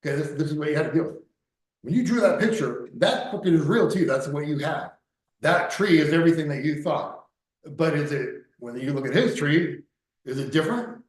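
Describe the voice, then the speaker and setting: A man's voice: a little high, animated, fairly quick. A man in casual podcast conversation, telling stories in a rambling way, with many restarts and some swearing. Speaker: pickup coach and podcast guest. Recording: echoey room.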